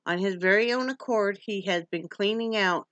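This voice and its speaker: A woman's voice: medium pitch, normal speed, fairly bright tone, no room sound, dull audio. Middle-aged lady from wyoming yakking away on her vlog, laughs a lot, talks sweet to her pup, dry close sound. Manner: chatty, laughs often, coos to her dog. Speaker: vlogger. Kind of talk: casual home vlog chat.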